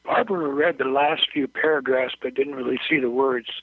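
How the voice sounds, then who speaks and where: A man narrating a short story aloud in a measured, plain reading voice with occasional slips. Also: medium pitch, fairly even intonation, no room sound. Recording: dry, tinny phone-like recording.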